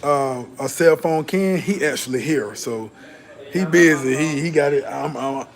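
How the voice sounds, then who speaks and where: A man's voice: a little high, a little slow. A man from the American South, hosting a casual livestream and talking loosely and profanely with his chat. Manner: loose, laid-back, profane, repeats and restarts. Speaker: livestream host reading viewer chat.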